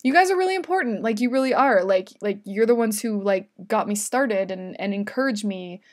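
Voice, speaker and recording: A woman's voice: mid-range voice, lively intonation, fairly quick. A woman hosting a casual livestream from home, chatting in a giggly way and reading viewer comments aloud. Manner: chatty and giggly, with many fillers.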